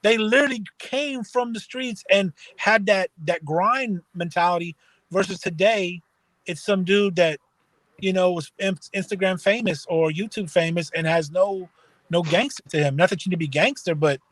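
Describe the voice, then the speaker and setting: A man from Texas chats as a podcast guest in a high voice. The sound is close and dry. He tells his stories in an animated way, full of "uh" and restarts. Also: normal speed, dry recording. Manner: animated storyteller, full of fillers. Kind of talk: casual storytelling chat.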